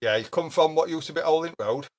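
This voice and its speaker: A man's voice: on the high side, fast. A man with a Yorkshire accent hosting a podcast, chatting casually in broad dialect and laughing often. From South Yorkshire, England. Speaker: podcast host. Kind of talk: casual chat.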